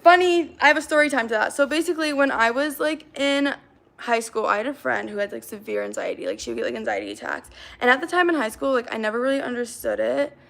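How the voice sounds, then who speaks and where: Gravelly, rambling young woman livestreaming. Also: fairly high pitch, animated, quick pace, a bit bright. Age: 20s. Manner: rambling, heavy use of "like" fillers. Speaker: livestream host. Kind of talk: casual livestream chat reading comments. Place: her apartment.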